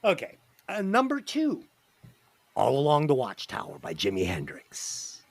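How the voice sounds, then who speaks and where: A man hosting a podcast and running a quiz, talking in a profane, animated way. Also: medium pitch, unhurried, vocal fry, no room sound. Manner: animated, profane, quizzing the others. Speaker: podcast host. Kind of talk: casual chat.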